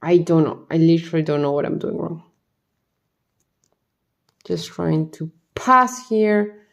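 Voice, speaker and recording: Slow, gravelly-voiced woman vlogger. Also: deep voice. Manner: muttering repeated questions to herself. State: tired. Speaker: hobby vlogger building a model kit. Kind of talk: casual talk while building.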